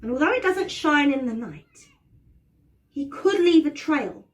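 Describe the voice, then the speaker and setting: Lady drama teacher doing a kids story, kinda high voice, big expressive delivery, a bit far off the mic. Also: measured pace. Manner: animated and expressive, with dramatic gasps and prompts for the class. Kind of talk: interactive storytelling for children.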